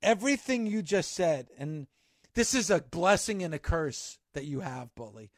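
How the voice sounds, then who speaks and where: A male wrestling show host with a high-pitched voice talks with open enthusiasm. The sound is dry and close to the mic. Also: expressive, normal speed, no echo. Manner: enthusiastic, openly admiring. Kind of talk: casual chat.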